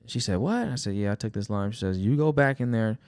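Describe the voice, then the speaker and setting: A young man with a lowish voice talks fast as he co-hosts a podcast in a casual chat. He's an animated storyteller who acts out quotes as he tells his stories.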